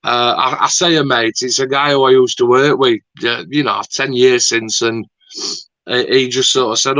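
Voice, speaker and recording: A rambling, chatty man hosts a casual talk. His voice is bright and forceful, recorded close and dry with a dull, lo-fi tone. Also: mid-range voice, steady tone, moderate pace, no echo. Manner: chatty, rambling, swears lightly. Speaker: YouTube host. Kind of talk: casual chat.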